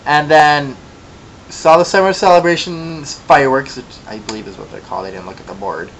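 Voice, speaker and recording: A man's voice: a little high, a little fast, slight background noise, rough recording. Chatty young man telling a gossipy story. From Michigan, US. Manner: chatty, gossipy, animated quoting with sassy asides. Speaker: vlogger. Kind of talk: casual storytelling vlog.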